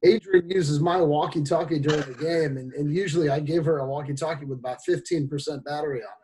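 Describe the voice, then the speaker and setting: A man's voice: on the high side, fairly even intonation, fast talker, mellow, a little hiss or hum, rough recording. A man who works as a radio announcer, telling a casual anecdote with self-deprecating chuckles.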